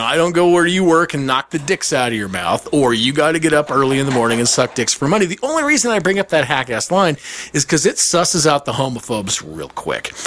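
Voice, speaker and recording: Animated, profane man telling a story. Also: a little high. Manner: animated, profane, acts out quotes with laughs. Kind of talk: casual storytelling chat.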